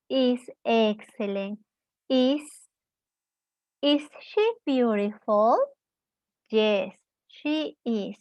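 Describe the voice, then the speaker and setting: Slow, deliberate woman teacher. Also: on the high side, no echo, highs cut off. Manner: switches between Spanish and English, asks the class questions and praises them. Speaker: English teacher. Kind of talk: slow, deliberate classroom explanation.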